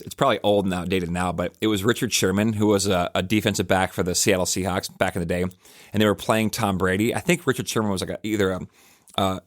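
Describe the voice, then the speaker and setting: Low-voiced man musing casually on a podcast. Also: no room sound, clean studio sound. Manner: conversational, rambling with many restarts and fillers. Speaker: podcast host. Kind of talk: casual reflective monologue.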